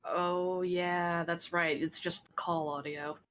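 A woman's voice: lowish voice, level tone, slow pace, fairly bright tone, slight background noise. Female call-in co-player, casual banter, teasing and blunt. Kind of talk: casual chat over a voice call.

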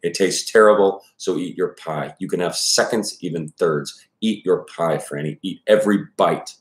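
A man reading a frightened young woman, deep and echoey. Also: moderate pace, lightly acted. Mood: tearful. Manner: pleading, near tears. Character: young college-age woman, frightened and tearful. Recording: echoey room.

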